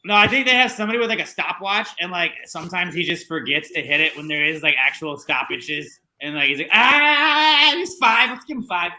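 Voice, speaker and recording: A man's voice: fairly high pitch, fairly even intonation, fast, few pauses, sharp tone, slight background noise. A man co-hosting a sports watchalong stream, joking and chatting casually about the game. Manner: joking, cheers on his team. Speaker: podcast co-host.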